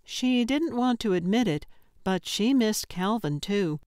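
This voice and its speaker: A woman narrating a cozy mystery audiobook in a measured, even storytelling manner on a close studio mic. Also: medium pitch, clear, resonant tone, no echo.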